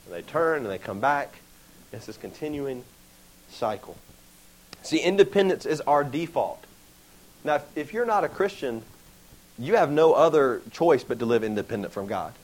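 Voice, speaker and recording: A young man preaching a sermon in a casual, animated way, acting out the voices he quotes. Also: mid-range voice, rough recording. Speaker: pastor.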